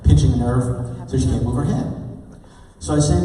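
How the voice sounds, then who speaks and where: Male keynote storyteller, mellow tone, far from the mic, roomy hall. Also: medium pitch, a little fast. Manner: animated, chatty, asks the audience questions. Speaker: motivational speaker. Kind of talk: storytelling keynote to a live audience. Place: large hall.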